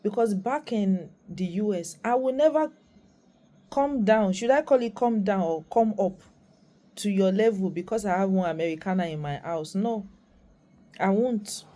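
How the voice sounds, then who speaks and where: A woman's voice: medium pitch, moderate pace, dark tone. A Nigerian woman in her thirties with a Nigerian accent, giving impassioned commentary to camera as a vlogger and parent and repeating phrases for stress.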